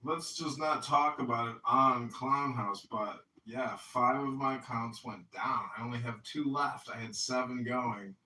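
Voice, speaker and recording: A man chatting casually as a political candidate, greeting friends with booming warmth. His voice is bright and cutting. It comes through distant and echoey. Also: a little slow, hardly any pauses, a little hiss or hum. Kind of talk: casual chat on a voice chat app.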